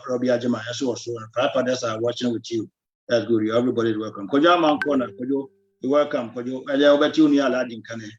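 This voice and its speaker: A man's voice: mid-range voice, darkish tone, muffled recording. A man with a Ghanaian accent hosting a live diaspora talk show. He greets viewers by name, mixes Twi and English, and reads out phone numbers. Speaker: host. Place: Belgium.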